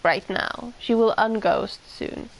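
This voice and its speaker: A woman's voice: mid-range voice, slow pace, gravelly, rough recording. A woman streaming a video game, reading the text aloud and then musing casually, with some swearing.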